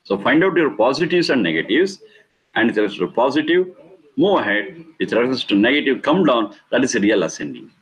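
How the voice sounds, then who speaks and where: A man's voice: medium pitch, very animated, fairly quick, low-quality recording. A middle-aged man giving a spiritual discourse, stressing and repeating key words and explaining Sanskrit terms. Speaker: Vedic teacher.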